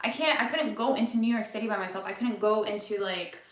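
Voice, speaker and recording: A woman's voice: mid-range voice, fast. A young woman vlogging a candid personal story, chatty and full of swearing and "like". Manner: candid, swears a lot, lots of "like". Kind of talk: casual storytelling vlog. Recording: roomy echo.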